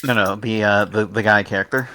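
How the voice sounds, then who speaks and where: Man in his thirties, lowish voice, rambling anecdote teller. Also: steady tone, fairly quick, pushed and bright, a little hiss or hum. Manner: rambling, laughs through the punchlines. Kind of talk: casual storytelling chat.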